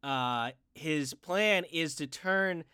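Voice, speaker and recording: Male co-host, casual chat, excitable and animated, crisp clear voice, dry close sound. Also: a little high, very slow, no echo. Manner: excitable, animated, frequent restarts. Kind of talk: casual anime discussion.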